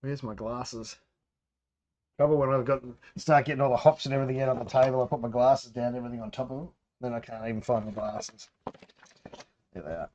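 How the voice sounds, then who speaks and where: Australian man, livestream brewing host, mid-pitched, rambling casual chat, muttering to himself, slightly muffled lo-fi audio. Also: fairly even intonation, a little fast, a little mellow, a little hiss or hum. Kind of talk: casual live-stream chat while brewing. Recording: slightly dull lo-fi sound.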